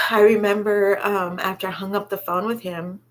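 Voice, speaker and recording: A woman telling a personal story, halting and reflective, with many pauses and fillers. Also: medium pitch, fairly even intonation, fairly bright tone. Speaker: vlogger sharing her own story.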